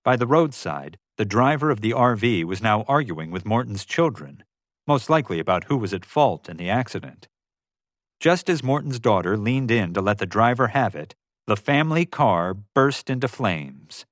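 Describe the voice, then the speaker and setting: A man reads a story aloud with a mid-pitched voice that rises and falls a great deal. His delivery is expressive narration, recorded close and dry with no room sound. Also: moderate pace, no room sound. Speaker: audiobook narrator. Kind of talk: scripted narration.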